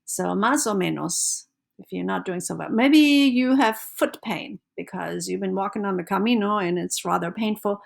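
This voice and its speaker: Woman, language teacher, gravelly voice, mid pitch, patient, encouraging, repeats phrases. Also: moderate pace. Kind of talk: spoken language lesson.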